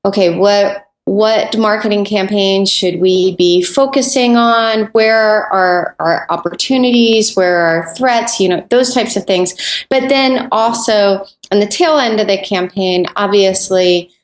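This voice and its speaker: Podcast guest, female, expert explainer; mid-pitched voice in a roomy, echoey recording. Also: unhurried. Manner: explanatory, thinking aloud with fillers. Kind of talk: podcast interview answers. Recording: roomy echo.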